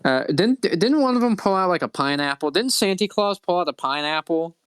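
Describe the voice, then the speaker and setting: Chuckly game master with a smooth voice. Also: male voice, sits high, animated, a bit bright, no room sound. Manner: laughing, halting, loose storytelling. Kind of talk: recapping and narrating a tabletop game.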